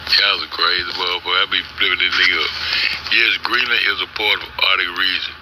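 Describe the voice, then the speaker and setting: A man's voice: deep voice, fairly even intonation, a little fast. A man hosting a casual online show, arguing and cursing in while reading search results aloud. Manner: argumentative, profane, reads search results aloud. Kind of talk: casual ranting commentary. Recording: noisy home recording.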